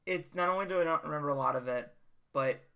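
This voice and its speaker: Bright-voiced young man, animated and swearing. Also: on the high side, fast talker, gravelly, clear, resonant tone. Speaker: podcast co-host. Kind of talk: casual chat.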